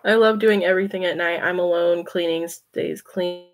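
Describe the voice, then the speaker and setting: A woman's voice: on the low side, fairly even intonation, normal speed. A woman hosting a casual late-night livestream, chatting, reading comments and laughing often. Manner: chatty, laughs often, talks to her cat. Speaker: livestream host.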